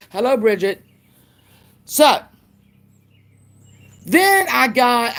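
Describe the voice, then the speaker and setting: A woman ranting on a livestream in an angry, profane, confrontational way, repeating lines for emphasis. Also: a little high. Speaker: YouTuber. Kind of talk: livestream rant.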